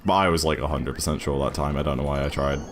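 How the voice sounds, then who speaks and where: A man's voice: extremely low pitch, quick pace, over music. A British man chatting casually with his live-stream chat while speedrunning a game. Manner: chatty, apologetic, reads chat aloud.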